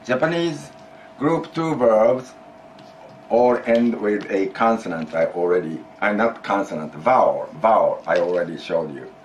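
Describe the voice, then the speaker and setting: A man's voice: fairly low pitch, expressive, unhurried, lo-fi sound, slight background noise. A man teaching a Japanese grammar lesson in English, explaining patiently, repeating key phrases and prompting his student to answer.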